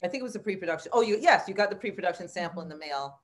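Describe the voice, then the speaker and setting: Woman podcast host with a really low voice, encouraging and chatty. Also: expressive, rapid-fire. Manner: encouraging, affirming. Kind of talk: casual interview chat.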